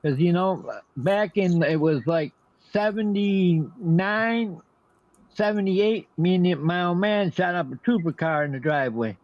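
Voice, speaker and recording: A man's voice: high-pitched, unhurried, dry recording, dull audio. An older man telling stories in a casual chat, brash and profane.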